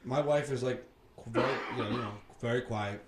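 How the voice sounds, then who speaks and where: A man hosting a podcast, telling stories in a casual, animated chat, cursing freely and acting out what others said. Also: medium pitch, fairly quick. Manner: animated storyteller, swears freely, acts out quoted voices. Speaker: podcast host. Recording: roomy sound with faint background noise.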